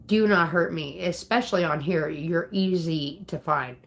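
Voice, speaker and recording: A woman's voice: deep voice, unhurried, vocal fry, a little hiss or hum. A woman ranting angrily at her viewers on a livestream, upset and swearing, threatening people in the chat. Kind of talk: angry livestream rant.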